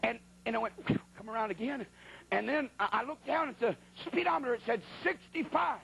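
A man with a high-pitched voice preaches a sermon and tells a comic story in a folksy, colloquial way. He breaks into sudden exclamations as he talks to the congregation. A light hiss of noise runs under the recording. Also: normal speed, gravelly, fairly bright tone, low-quality recording.

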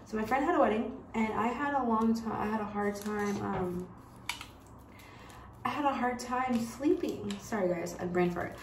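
A woman's voice: on the high side, normal speed, echoey room, slight background noise, poor audio. A woman vlogging at home in casual, rambling chat, with a lot of "like" between her words. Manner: rambling, chatty, heavy use of "like". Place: home bedroom.

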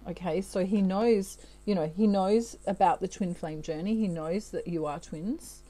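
A woman giving a channelled tarot reading in a soft, warm voice that sits a little low. She talks in a loose, chatty way, often checking in with her listener. She laughs at herself easily. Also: measured pace, hardly any pauses, rough recording. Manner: chatty, keeps checking in with "okay?". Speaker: tarot reader.

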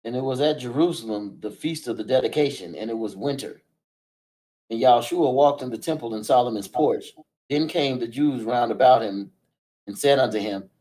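A man reads scripture aloud during a Bible study. His voice has a middle pitch, and he reads steadily and plainly. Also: low-quality recording. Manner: steady, plain King James reading. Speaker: scripture reader.

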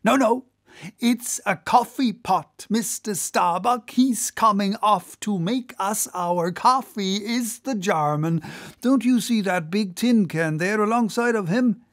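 A reader voicing a high, jovial sailor mate. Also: slow pace, no room sound, clean studio sound, lightly acted.

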